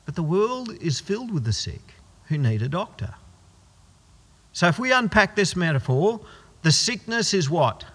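A man's voice: sits high, sing-song, normal speed, a bit bright, husky. A man preaching a sermon as pastor, emphatic and posing rhetorical questions he answers himself. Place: church. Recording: long church hall reverb.

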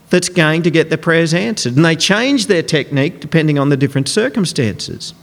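Emphatic man preaching in a reverberant hall. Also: a little high. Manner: conversational, emphatic, acts out quotes. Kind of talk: sermon.

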